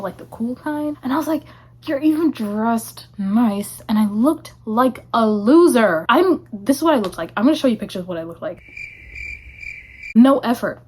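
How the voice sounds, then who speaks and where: A woman's voice: a little high, a little mellow, breathy edge. A young woman vlogging to camera, telling a story in a loose, joking way and swearing often. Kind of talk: casual talking-to-camera vlog.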